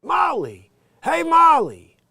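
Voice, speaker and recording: A man imitating a brash comedian, shouting loud and high in a big talk voice. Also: wildly swooping pitch, slow, gravelly, no room sound, studio quality, full character voice. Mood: booming, jokey. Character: booming jovial comedian man calling his wife.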